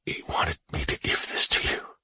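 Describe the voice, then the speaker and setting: A man voicing a grieving young man who whispers a tearful farewell in a raspy, quavering voice. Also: normal speed, bright, forceful tone, no echo.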